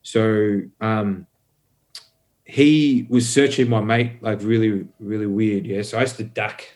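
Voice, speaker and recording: This man speaks slowly in a lowish voice as a podcast guest spinning a lengthy, casual tale. Animated and rambling, he curses a lot and leans on plenty of fillers.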